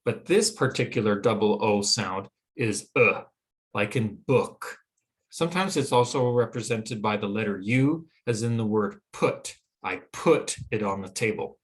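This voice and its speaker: A man with a Western American accent teaching a phonetics lesson, explaining clearly and pausing to sound out vowels. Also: lowish voice, lively intonation. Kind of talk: phonetics lecture.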